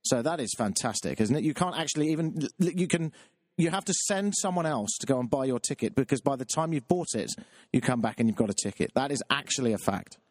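A man's voice: medium pitch, animated, a little fast, no echo, clean studio sound. A man, a talk radio DJ telling a self-deprecating, rambling story on air. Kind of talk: confessional radio monologue.

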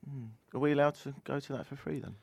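A man's voice: mid-range voice, steady tone, quick pace, creaky, dry recording. A man hosting a radio show, chatting in a cheeky, jokey way with his co-host. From England. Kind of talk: casual comedic radio chat. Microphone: studio microphone.

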